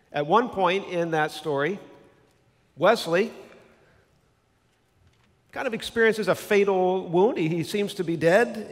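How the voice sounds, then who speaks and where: A man's voice: a little high, long reverb tail. A male pastor giving a sermon in an earnest, conversational storytelling manner.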